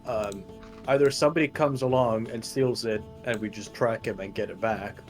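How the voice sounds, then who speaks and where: A man's voice: fairly low pitch, normal speed, faint music behind. A man playing a tabletop game casually, joking with stammered restarts. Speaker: player.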